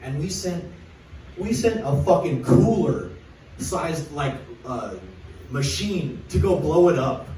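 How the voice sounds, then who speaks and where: A man's voice: on the high side, expressive, takes it slowly, warm tone, a little hiss or hum. A young man doing a rambling, crude stand-up set at an open mic, reading jokes off a list on a small club stage. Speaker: stand-up comedian. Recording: echoey club recorded from far off.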